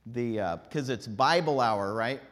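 A man teaching a group, animated, singing out drawn vowels to show how the pitch moves. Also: a little slow. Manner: animated, demonstrates tones by singing out long vowels. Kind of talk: classroom lesson. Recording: long hall reverb.

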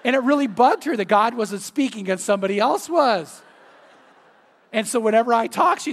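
High-voiced pastor in a reverberant hall. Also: male voice, fairly quick. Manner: storytelling, lively and emphatic. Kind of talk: sermon. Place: church sanctuary.

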